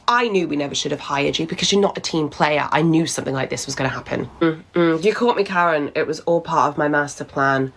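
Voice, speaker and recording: A woman acting out a workplace comedy sketch with sarcastic, deadpan retorts. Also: sits low, gravelly. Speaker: comedy sketch creator playing both worker and boss.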